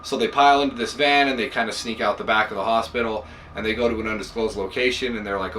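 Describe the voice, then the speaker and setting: A man hosting a podcast who retells a story in a casual, animated way, with many fillers. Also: on the low side, fast talker, hardly any pauses, far from the mic, a little hiss or hum, rough recording. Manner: animated, relaxed, filler-heavy. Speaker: podcast host.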